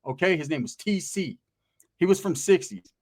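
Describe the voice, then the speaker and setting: A man's voice: high voice, expressive, moderate pace. A man telling stories in casual, slang-heavy talk, acting out what other people said. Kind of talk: casual storytelling.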